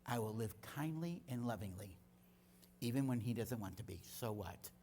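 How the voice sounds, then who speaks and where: A faint hiss or hum underlies the mid-range, moderately paced voice of a middle-aged guest speaker at church. He gives a teaching talk, animatedly telling stories and acting out the dialogue.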